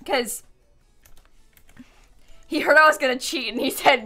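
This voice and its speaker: Streaming a life-sim game from home over a headset, a young woman chats with viewers, giggles often and thanks them for subs. Her voice is high-pitched, pushed and bright, a little slow, with faint music behind her.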